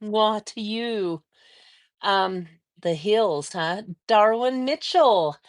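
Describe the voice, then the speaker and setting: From her home quilting studio, a woman from the American Mountain West hosts a casual livestream, chatting and greeting viewers by name. Her voice sits in the mid-range, and she draws out her words.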